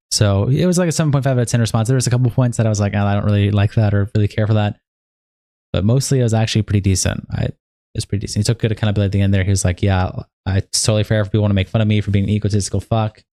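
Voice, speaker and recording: A man's voice: lowish voice, fairly even intonation, rapid-fire, mellow, no echo, studio quality. A young man livestreaming, reading a long document aloud in a casual, profane, sleepy way with bursts of hype. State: sleepy, yawning. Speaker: streamer.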